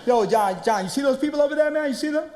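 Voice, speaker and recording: A man voicing an upbeat, streetwise young friend who coaxes and hustles in slang, higher than his usual voice. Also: fast, echoey room, noisy background. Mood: scheming. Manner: excited, coaxing, street slang. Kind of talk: stand-up stage storytelling.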